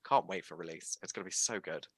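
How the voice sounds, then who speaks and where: Give me an enthusiastic male interviewer, a bit low-pitched and bright. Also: fast, husky, no echo. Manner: gushing, animated, lots of fillers. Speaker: interview host.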